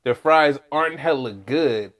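A man's voice: a little high, measured pace, a crowd in the background. A man co-hosting a sports podcast, teasing his partner and laughing often in casual chat. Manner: teasing, laughing, repeats words. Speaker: podcast co-host.

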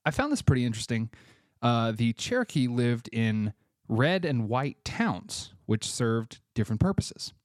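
Man, podcast host, chatty and offhand, slightly congested, dry close mic, mid pitch. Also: big pitch swings, a little slow, dry recording. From Tennessee, US. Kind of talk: casual solo podcast narration.

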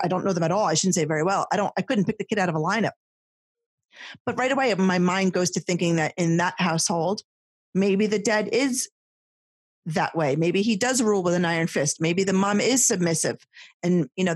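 A woman in her thirties co-hosting a podcast, telling a story in a chatty, animated way in casual conversation. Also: lowish voice, no room sound. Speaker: podcast co-host. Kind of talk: casual chat.

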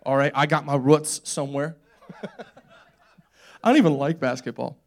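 A young man gives a laid-back church sermon with a slightly high voice. He talks conversationally, circles back on his phrases again and again, and laughs often between points. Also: fairly even intonation, normal speed. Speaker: preacher. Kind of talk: casual sermon.

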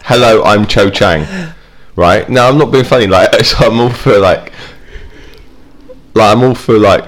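Male co-host, very deep, swears freely, loose rambling banter. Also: moderate pace. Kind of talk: casual chat.

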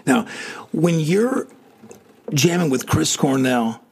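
A man's voice: a little high, animated, slow pace, gravelly, darkish tone, slightly rough. A man telling an emotional personal story in a casual way, acting out quotes and laughing often. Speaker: storyteller recalling his music past.

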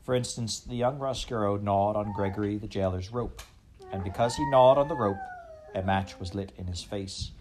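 A man reading a children's novel aloud, a measured storyteller who often speaks straight to the listener. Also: fairly low pitch, background noise. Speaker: audiobook narrator.

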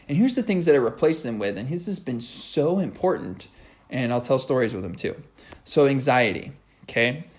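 Upbeat young man rambling casually. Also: mid-range voice. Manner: energetic, rambling, many "like" fillers. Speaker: podcast host. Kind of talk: casual motivational monologue.

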